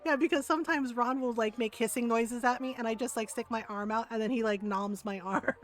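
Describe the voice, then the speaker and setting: Animated higher-voiced woman telling stories. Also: brisk, soft background music. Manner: animated, laughs often, many fillers and tag questions. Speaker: streamer. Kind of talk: casual storytelling chat.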